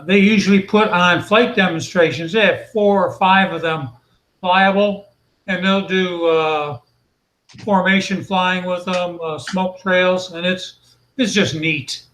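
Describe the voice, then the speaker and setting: High-voiced man in an echoey room. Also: steady tone, slow pace, fairly bright tone. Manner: knowledgeable, explains aircraft designations step by step. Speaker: guest on a hobby hangout. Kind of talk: casual chat on a video call. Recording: roomy echoey room sound.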